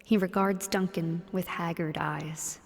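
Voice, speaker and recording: A woman streaming a narrative game, reading the narration in an even, easy voice. Between passages she chats quickly. She is bubbly and quick to apologize. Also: fairly low pitch, in a large hall, a little hiss or hum. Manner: bubbly, apologetic, fast chatter.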